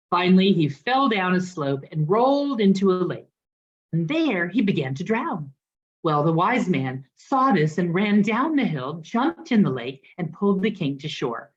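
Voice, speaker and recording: A woman minister telling a parable in a sermon, expressive with dramatic pauses. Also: on the low side, highs cut off. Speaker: guest minister. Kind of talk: storytelling sermon.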